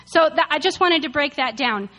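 A woman leading a casual Bible study, chatty and animated, full of "like" and "you know" as she retells the story. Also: high voice, normal speed, big-room sound.

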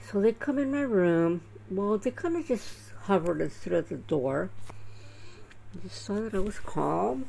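A woman's voice: mid-range voice, expressive, unhurried, gravelly, mellow, slight background noise, poor audio. A woman telling a personal story in a rambling, agitated, profane way. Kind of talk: casual storytelling.

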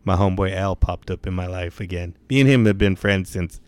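Young dude telling stories, lots of swearing and bro, dude, smooth lowish voice, dry close mic. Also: male voice, fairly quick, darkish tone, no echo. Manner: laid-back slang, heavy swearing, lots of "bro" and "dude". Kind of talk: casual storytelling chat.

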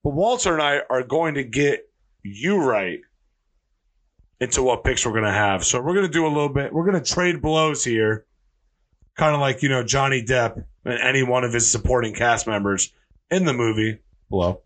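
A man's voice: medium pitch, expressive, moderate pace, a bit bright. A man hosting a casual sports podcast, ranting heatedly and swearing freely. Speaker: podcast host.

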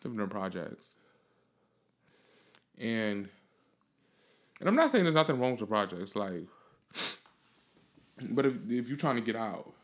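Young male podcast host, lower-pitched, casual and foul-mouthed, rambling and animated. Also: unhurried, pauses often. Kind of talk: casual storytelling.

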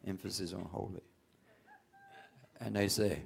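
A man preaching a sermon, often rising into loud outbursts. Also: fairly low pitch, unhurried, vocal fry, pauses often, breathy edge. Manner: folksy, call-and-response preaching with sudden loud outbursts.

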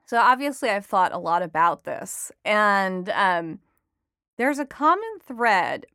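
A woman entertainment reporter talks through an interview in a lively, storytelling way and laughs often. Her pitch sits mid-range for a woman, and the sound is close and dry, with no room around it. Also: slow, clean tone, dry recording. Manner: chatty, animated storytelling with frequent laughs. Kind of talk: conversational interview.

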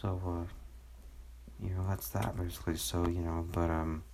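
Low-voiced rambling, cursing young man. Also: flat delivery, unhurried, background noise. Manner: rambling, profane, full of fillers. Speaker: podcast host. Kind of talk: casual solo rant. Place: at home.

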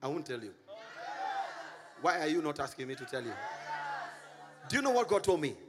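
A middle-aged man from Kenya, a pastor preaching a sermon, animated, with singsong shouts and laughing asides to the congregation. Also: on the high side, fairly quick, in a large hall, noisy background.

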